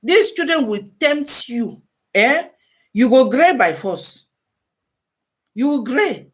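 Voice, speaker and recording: A woman hosting an animated live-stream advice talk in Nigerian Pidgin English. Her fairly high voice swings up and down as she throws out rhetorical questions and prods listeners with "eh?". It sounds casual and lively throughout. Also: slow pace, slightly rough.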